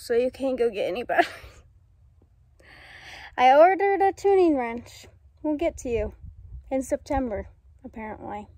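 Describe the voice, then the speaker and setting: A young woman from the United States chatting casually in a vlog, excitable and self-mocking, laughing often. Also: sits high. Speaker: vlogger.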